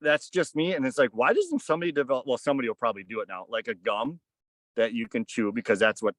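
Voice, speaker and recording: A man's voice: medium pitch, expressive, fast, no room sound. A man in his thirties or forties, a podcast guest, telling a casual story in a rambling way full of "kinda" and "like.". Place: on a fishing boat.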